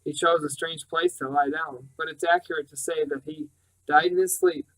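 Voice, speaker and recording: A man's voice: a little high, steady tone, normal speed, a bit bright, lightly acted, rough recording. A man voicing a blunt middle-aged male police detective who explains things in a matter-of-fact way, in an audiobook.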